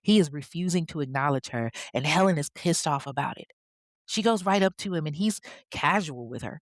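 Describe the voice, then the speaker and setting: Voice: mid-range voice, lively intonation, brisk, no echo, studio quality. A podcast host narrating a true-crime story in a chatty way, with conversational asides.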